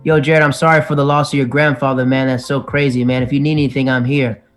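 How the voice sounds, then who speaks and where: A man, a stand-up comedian, chatting as a guest on a podcast and telling animated stories with acted-out quotes. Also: medium pitch, fast talker, soft background music. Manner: animated storyteller who acts out other people's lines. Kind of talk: casual podcast chat.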